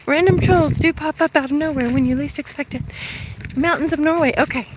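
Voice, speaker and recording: A high-voiced woman livestreams while out on a walk, a little out of breath, reading her chat and thanking viewers by name. She's chatty and laughs often, speaking at normal speed over heavy background noise.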